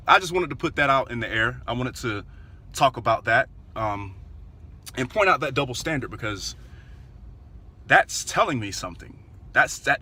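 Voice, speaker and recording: Earnest man with bright voice. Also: mid-range voice, husky. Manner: earnest, repeats phrases and restarts often. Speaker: vlogger. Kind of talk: casual commentary to camera.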